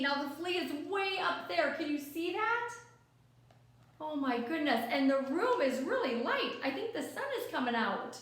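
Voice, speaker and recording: A woman reading a picture book aloud to children, gently coaxing and asking the listener questions as she goes. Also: high voice. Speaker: storyteller. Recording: very echoey room.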